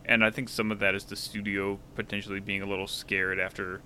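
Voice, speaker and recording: Podcast co-host, male, bright and forthright, rambling restarts, light noise floor. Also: lowish voice, little pitch movement, a little fast. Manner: thoughtful, with many restarts and fillers. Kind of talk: casual film discussion.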